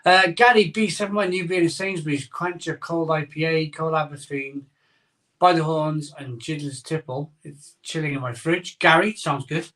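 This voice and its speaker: A man's voice: fairly high pitch, steady tone, moderate pace, fairly bright tone. A middle-aged man hosting a casual live stream from his conservatory, chatting and reading out viewer comments in a jokey, sleepy way. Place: home conservatory. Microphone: phone camera.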